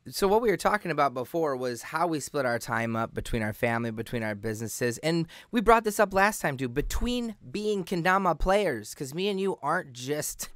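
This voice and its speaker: A man's voice: on the high side, expressive, moderate pace, hardly any pauses, fairly bright tone, no echo, clean studio sound. A man co-hosting a podcast in a casual, slangy, laid-back chat, talking as a father.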